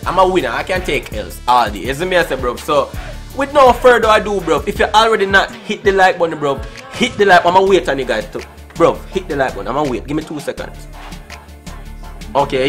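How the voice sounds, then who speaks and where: A man with a Jamaican accent, talking with a slightly raised pitch as he hosts a casual vlog. He teases and flirts with strangers on a video chat app and slides into patois. Faint music plays behind him. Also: fairly bright tone. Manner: playful, teasing, drops into patois, says "bro" often. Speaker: YouTuber host.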